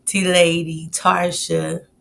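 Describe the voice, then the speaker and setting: Woman in her late 40s, live-stream host, gravelly voice, low pitch, casual chat, greets viewers by name. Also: level tone, slow, a bit bright. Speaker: livestream host.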